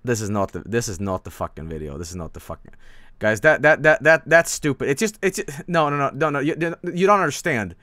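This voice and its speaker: A man rambles through a casual stream, tripping over his words and laughing as he goes. His pitch jumps up and down a lot. The sound is dry and close, with no room echo. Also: animated, a little fast, bright, forceful tone. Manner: rambling, stammering, laughing often. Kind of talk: casual live-stream chat.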